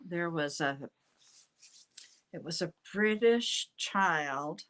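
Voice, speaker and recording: Slow-talking older woman reading tarot. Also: lowish voice, animated, a bit bright. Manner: chatty, rambling, self-interrupting. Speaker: tarot reader, show host. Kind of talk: casual live tarot reading.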